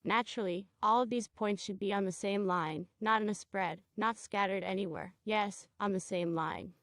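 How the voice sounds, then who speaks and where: A woman teaching a cosmetology procedure, guiding a student step by step and checking in with quick questions. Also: medium pitch, fairly bright tone, no room sound, clean studio sound. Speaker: cosmetology instructor. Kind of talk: hands-on training demonstration.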